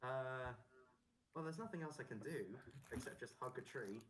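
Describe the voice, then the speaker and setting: A man's voice: medium pitch, animated, moderate pace, fairly bright tone, low-quality recording. A man playing a tabletop game over a voice call, joking around about his character. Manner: joking, playful. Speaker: player.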